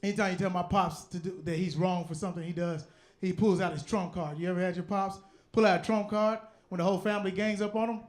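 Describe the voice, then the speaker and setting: A high-voiced man tells jokes with brash, loud punchlines. He performs his stand-up routine on a comedy club stage. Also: fairly even intonation, fast.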